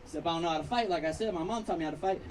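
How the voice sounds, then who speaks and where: A comedian from Long Beach, California, races through a profane stand-up set built on stories, acting out characters at an outdoor backyard patio show. His voice is on the high side. He's far from the mic, with music and crowd laughter underneath, and the audio is poor.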